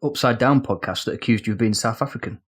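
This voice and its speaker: A man's voice: medium pitch, fast. A man co-hosting a gaming podcast with dry, teasing humour. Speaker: podcast co-host. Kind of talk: casual podcast chat.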